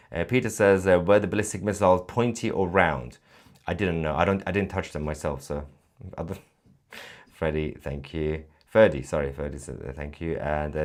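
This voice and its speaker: A man hosting a livestream, reading viewer comments aloud and joking between them with frequent laughs. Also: rumbling low. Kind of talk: casual live-stream commentary.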